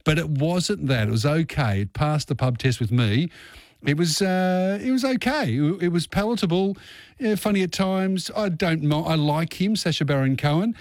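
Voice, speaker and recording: A man's voice: on the high side, normal speed, no echo. A man hosting a radio show, chatting casually and rambling through his opinions. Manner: chatty, rambling, laughs easily. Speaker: radio host.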